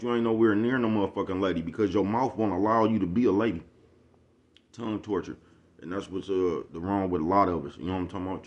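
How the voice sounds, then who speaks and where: In dull audio, a deep-voiced man vlogs a casual rant to the camera, full of street slang, swearing, and preaching. Again and again he asks viewers if they know what he's talking about.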